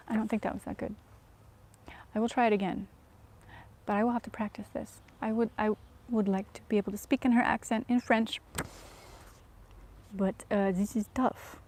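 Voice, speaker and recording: A woman vlogger chatting casually to viewers, soft-spoken and often dropping to a whisper, self-deprecating. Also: medium pitch, fairly even intonation, normal speed, long pauses.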